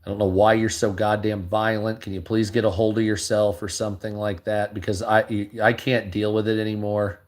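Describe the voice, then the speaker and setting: A man's voice: on the low side, flat delivery, normal speed, hardly any pauses. Blunt, profane male commentator. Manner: blunt and heavily profane, reading headlines aloud. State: tired, low energy. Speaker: online news commentator. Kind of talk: casual reaction commentary.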